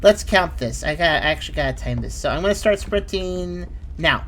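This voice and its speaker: A woman's voice: sits low, expressive, a little fast, noisy background. A woman giving casual let's-play commentary, exclaiming and thinking aloud as she plays. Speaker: gameplay commentator.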